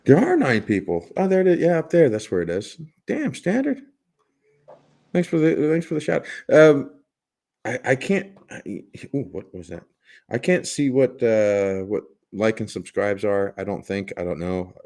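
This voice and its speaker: A man's voice: medium pitch, big pitch swings, moderate pace, gravelly, a little mellow. A man hosting a casual livestream chat, joking and laughing as he rambles with restarts. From Germany. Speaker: livestream host.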